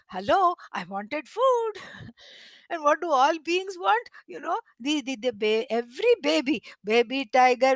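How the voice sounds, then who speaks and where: A woman with a high voice teaches a scripture class, telling the story in an animated way. She chuckles often and chants Sanskrit lines. The recording is close and dry. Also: dry recording. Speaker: Vedanta teacher. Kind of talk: spiritual lecture with storytelling.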